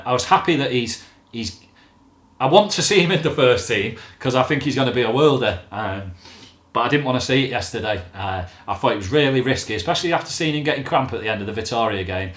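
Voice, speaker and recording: A man rants bluntly to camera as the host of a fan channel, swearing freely as he makes his points. His voice sits in a middling pitch. The sound bounces around an echoey room. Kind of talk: casual football rant to camera.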